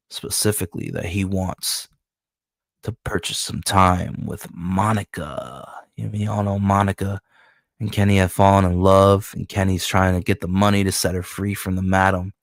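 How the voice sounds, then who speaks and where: A man, a comic book creator, casually walking through his own comic in loose, profane, excitable commentary. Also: low-pitched, no echo, studio quality.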